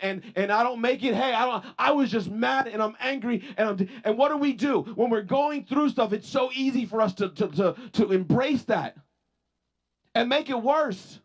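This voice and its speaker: A male pastor preaching a sermon, telling personal stories with many repeated restarts and rising emphasis on his points. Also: moderate pace. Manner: rises in pitch and force on points of emphasis.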